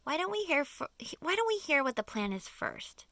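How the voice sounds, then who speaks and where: A woman voicing a wise old male grasshopper in an audiobook, with sharp, lively questions. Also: sits high, normal speed, dry recording, pitched above the performer's own voice, full character voice. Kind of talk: audiobook character voice.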